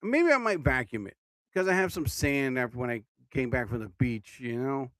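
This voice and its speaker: A man's voice: mid-range voice, expressive, moderate pace, a bit bright, no echo. A tired man hosting his own livestream podcast, rambling casually and yawning as he talks. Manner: drowsy, yawning, meandering talk. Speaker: podcast host.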